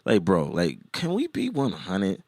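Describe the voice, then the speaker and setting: A man with a low voice chats loosely on a podcast, rambling and restarting his sentences as he goes. The recording is dry and close, with no room sound. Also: huge pitch swings, a little slow, a little mellow, dry recording. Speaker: podcast co-host. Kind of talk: casual chat.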